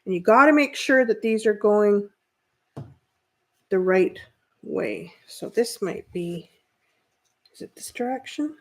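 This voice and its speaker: A woman hosting a sewing livestream, chatting casually with viewers as she works and thinking out loud with fillers and restarts. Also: medium pitch, animated, slow pace, creaky, pauses often. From Canada.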